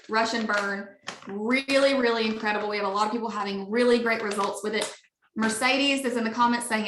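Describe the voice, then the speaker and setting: A chatty woman with a Southern Alabama twang gushes through a sales pitch on a video call. Her voice sits a little high and rings bright and forceful. The sound carries the echo of a roomy space. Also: slight background noise. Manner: upbeat, gushing, chatty. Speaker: network marketing leader.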